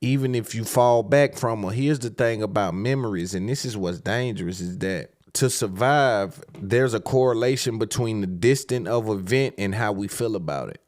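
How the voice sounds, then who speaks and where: A man's voice: on the low side, normal speed, hardly any pauses, a little mellow, no echo, studio quality. A man hosting a podcast in casual solo commentary, laid-back and slangy, rambling with repeated fillers. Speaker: podcast host.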